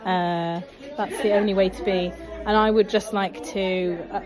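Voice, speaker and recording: A woman's voice: mid-range voice, fairly even intonation, unhurried, music in the background. A woman vlogging in a museum gift shop, chatty and enthusiastic with laughing asides. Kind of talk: casual vlog chat.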